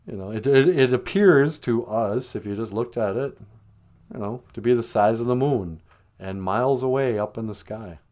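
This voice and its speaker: A man's voice: medium pitch, a little mellow. A man delivering a rambling, mock-serious comic rant, trailing off with chuckles. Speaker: comedic vlogger.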